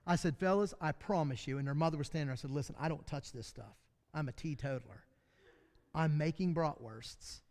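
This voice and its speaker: A man's voice: a little high, a little mellow. A man teaching a midweek Bible class in a folksy, storytelling way, with self-deprecating humor. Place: church classroom. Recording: long hall reverb.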